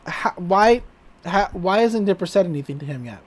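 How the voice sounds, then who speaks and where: This podcast co-host is a woman with a fairly low, animated voice, speaking at normal speed. She delivers a chatty, casual recap, giggling and using lots of fillers.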